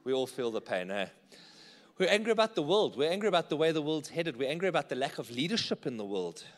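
A man's voice: a little high, very animated, fast talker, in a large hall. A man preaching a sermon in church, conversational and often checking in with the congregation. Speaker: pastor.

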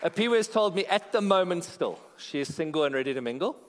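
Joking pastor, echoing hall. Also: male voice, fairly high pitch, lively intonation, fairly quick, a faint crowd, a little hiss or hum. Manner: playful, joking with the congregation. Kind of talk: humorous sermon storytelling. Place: large church auditorium. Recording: long hall reverb in a church auditorium.

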